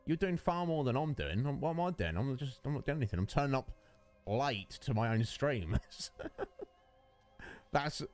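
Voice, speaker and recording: In a mid-range, darkish voice, a UK Twitch streamer talks animatedly yet unhurriedly, pausing often as he rambles, jokes and answers chat by name during a game. Faint music sits behind him, and he's recorded at his home setup on a studio dynamic microphone.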